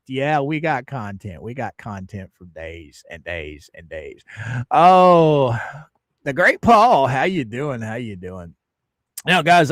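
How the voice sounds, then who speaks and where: A man's voice: medium pitch, no room sound, studio quality. A man hosting a casual livestream, laughing often and greeting viewers in the chat. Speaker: livestream host.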